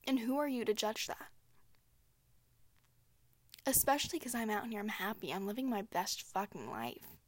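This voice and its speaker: A woman's voice: mid-range voice, very animated, normal speed, pauses often, dry recording. A young woman talking casually and candidly on her own, profane and emphatic, full of "like" fillers. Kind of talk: casual solo talk.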